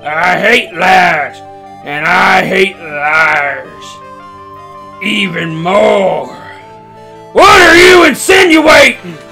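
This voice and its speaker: A man doing a flamboyant, shouting circus showman. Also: high-pitched, animated, moderate pace, soft background music, exaggerated voice. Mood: indignant. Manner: theatrical, shouts his lines. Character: flamboyant vain male circus magician showman. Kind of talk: voice-acting game dialogue.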